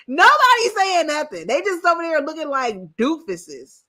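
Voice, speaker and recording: Blunt, bright-voiced woman ranting. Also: high voice, wildly swooping pitch, normal speed, few pauses. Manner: blunt, direct, profane. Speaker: commentary host. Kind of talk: reaction commentary on a panel clip.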